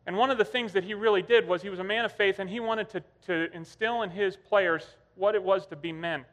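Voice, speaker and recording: Brief: male preacher, conversational storyteller, higher pitch, long church reverb. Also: brisk, fairly bright tone. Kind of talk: sermon.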